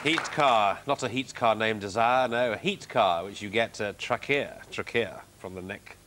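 A man's voice: on the low side, normal speed, crowd noise, noisy background. A man hosting a television word game in a studio, chatting and teasing in a light, punning way. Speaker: game show host. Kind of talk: light-hearted studio banter.

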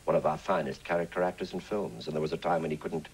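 Deep-voiced English man in his sixties. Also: quick pace, poor audio. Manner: lively storyteller, breaks into character voices and laughs. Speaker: actor, interview guest. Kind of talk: anecdotal chat show interview. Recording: 1980s TV studio, faint hiss.

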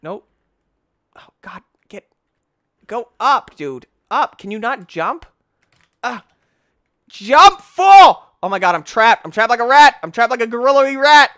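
A young man giving let's-play commentary, tired and yawning, breaking into excited yelps and shouts. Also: very high voice, moderate pace, pauses often, no echo, clean studio sound. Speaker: gaming YouTuber.

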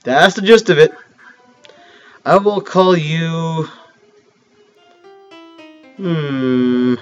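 Excitable man commenting on gameplay. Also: on the high side, drawn-out words, clean tone, dull audio, faint music behind. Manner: excitable and joking, with sudden loud outbursts. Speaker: let's play host.

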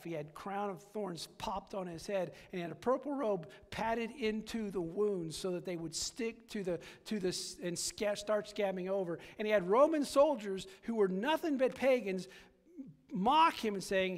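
A man's voice: high voice, long reverb tail. A man preaching a sermon as pastor, repeating phrases and building to emphatic peaks. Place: church sanctuary.

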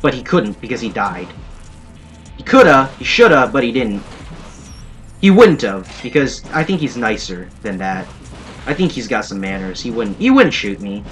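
A man's voice: mid-range voice, big pitch swings, moderate pace, fairly bright tone. A young man giving playful, sarcastic commentary while playing a shooter game. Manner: playful, sarcastic, jokey asides. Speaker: gaming commentator. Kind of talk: let's play commentary. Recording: faint game music behind.

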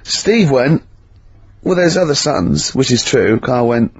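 A man hosting a casual radio show, telling stories in an animated, mocking way. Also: medium pitch, slow, breathy edge, no echo. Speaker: radio host. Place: radio studio. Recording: dull lo-fi radio broadcast.

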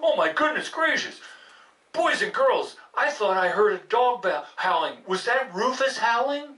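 A woman playing a kindly adult in a live puppet show for children, gently asking the kids questions. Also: a little high, sing-song, moderate pace. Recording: roomy, from a distance.

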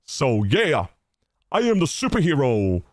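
A man speaking through a pitch-shift effect that drops his voice far down, playful and hamming it up. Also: wildly swooping pitch, unhurried, dry recording, clean studio sound.

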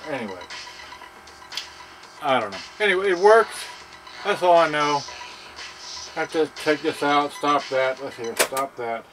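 A man casually demonstrating a serviced stereo, talking in halting bits as he thinks aloud and works the gear. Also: on the high side, expressive, music in the background, poor audio.

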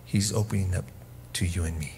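A man preaching a sermon as pastor, speaking in an intimate, hushed way that sinks to whispers and then swells into forceful emphasis. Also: low voice, a little fast, husky. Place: church.

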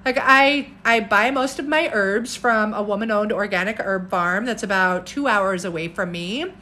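A woman's voice: medium pitch, normal speed, bright, forceful tone. A woman herbalist chatting casually on a live stream, bubbly and talkative, reading out viewer comments. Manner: bubbly, chatty, laughs often, reads viewer comments aloud.

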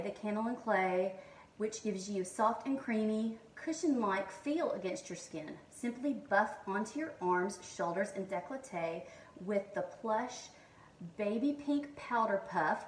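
Chatty, excited woman vlogger. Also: medium pitch, recorded from a distance, a little hiss or hum. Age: middle-aged. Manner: excited, chatty, reads product labels aloud with many ums. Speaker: beauty product vlogger. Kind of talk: casual haul and unboxing chat. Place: home kitchen.

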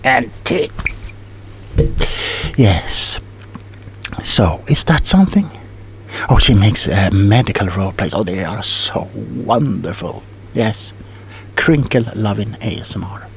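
A man's voice: fairly low pitch, animated, takes it slowly, long pauses, a little hiss or hum. A man playing a rambling, scatterbrained tingle salesman in a whispered role-play, stumbling over his words. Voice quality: soft whispering. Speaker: ASMR role-play performer.

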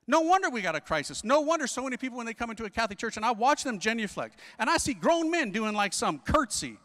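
A Catholic priest in his forties preaches with animated, swooping pitch and a bright, forceful edge. He talks in slang and fires off rhetorical questions. His voice rings out in a hall with a long reverb. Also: quick pace. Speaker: Catholic priest giving a conference talk. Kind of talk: energetic preaching.

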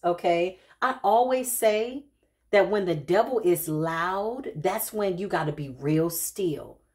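A woman's voice: fairly low pitch, darkish tone. A woman giving a casual spiritual tarot reading, talking straight to her viewers in a chatty way with frequent tag questions. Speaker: intuitive spiritual reader.

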